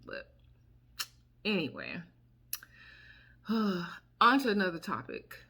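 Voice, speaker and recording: A woman, chatting casually to camera as a vlogger, sassy and quick to laugh and exclaim. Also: mid-range voice, sing-song, gravelly, sharp tone, slightly rough. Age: 30s.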